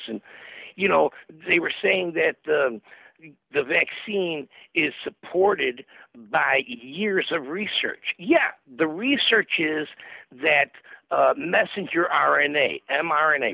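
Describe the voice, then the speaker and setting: Gruff older man calling in by phone. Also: on the high side, no room sound. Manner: rambling, emphatic explanation. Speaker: caller. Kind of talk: call-in talk radio. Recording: dry tinny phone line.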